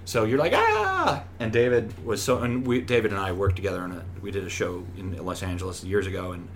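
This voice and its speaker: A man's voice: fast talker, a little hiss or hum. A middle-aged man, a stage actor, chatting in an interview and acting out the voices of people in his stories. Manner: animated storyteller who acts out voices with big pitch jumps. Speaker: Broadway actor, guest. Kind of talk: casual interview chat.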